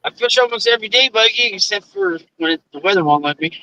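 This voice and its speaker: A man's voice: sits high, quick pace, no echo, low-quality recording. A man joking around as a guest on a casual fishing livestream chat. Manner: joking, lively. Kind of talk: casual banter.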